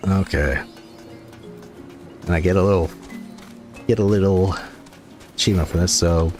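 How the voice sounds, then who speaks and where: A man's voice: sits low, fairly even intonation, moderate pace, long pauses, darkish tone, soft background music. A man streaming a game, tossing out playful, mocking asides. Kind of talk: gameplay commentary.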